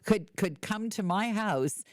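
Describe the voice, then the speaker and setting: A woman's voice: medium pitch, animated, takes it slowly, dry recording, studio quality. A middle-aged woman hosting a podcast, chatting casually with wry storytelling and playful mock indignation. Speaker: podcast host. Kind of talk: casual chat.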